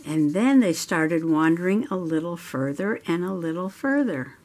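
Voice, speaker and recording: Her voice sits on the low side, animated and a little mellow, at a moderate pace, with slight background noise. She's a middle-aged woman hosting a journaling video, telling a chatty story and laughing often while she colors.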